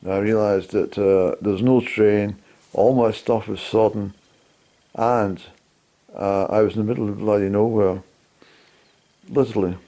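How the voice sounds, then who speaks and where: A man telling a personal story about a journey to camera, in a halting, rambling way with mild swearing. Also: lowish voice, steady tone, dark tone. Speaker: hillwalker recounting a journey.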